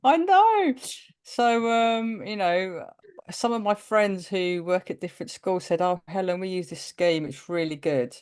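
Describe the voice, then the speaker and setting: Woman, casual interview chat, lower-pitched voice, animated storyteller who acts out quotes. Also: measured pace, smooth. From of Greek descent. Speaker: guest teacher.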